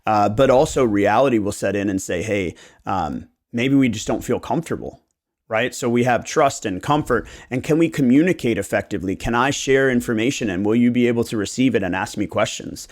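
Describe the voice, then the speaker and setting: Man, Baltimore area, mid-pitched podcast host, lively, acts out client talk. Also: a little fast. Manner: animated, acts out client conversations in quoted voices. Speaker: real estate agent podcast host. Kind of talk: casual podcast chat.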